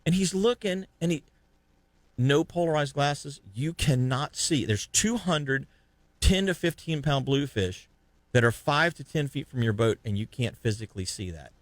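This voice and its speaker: A man hosting a fishing podcast, telling a lively fishing story in casual chat and acting out the other anglers' lines. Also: a little high, normal speed, no echo. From Florida.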